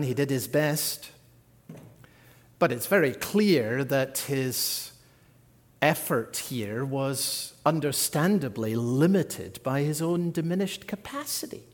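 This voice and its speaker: Slow-speaking preacher in an echoing hall. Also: male voice, fairly high pitch. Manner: earnest, builds to emphatic peaks then drops soft. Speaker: pastor. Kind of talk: sermon. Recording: long hall reverb.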